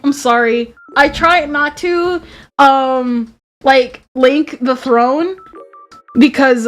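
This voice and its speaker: Giggly high-voiced young woman streamer. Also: a bit bright. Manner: giggly, exclamatory, rambling. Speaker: live streamer. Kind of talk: casual live-stream chat with viewers.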